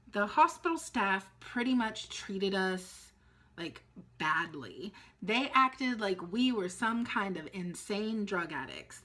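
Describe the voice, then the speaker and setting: Middle-aged woman, lowish voice, casual storytime vlog, animated retelling. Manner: animated retelling, acting out dialogue. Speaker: vlogger telling a personal story.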